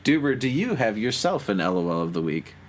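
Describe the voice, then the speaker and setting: A man's voice: fairly low pitch, big pitch swings, fairly quick, a little hiss or hum. A young man hosting a podcast in casual chat, laid-back and chuckling, with many fillers. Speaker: podcast host.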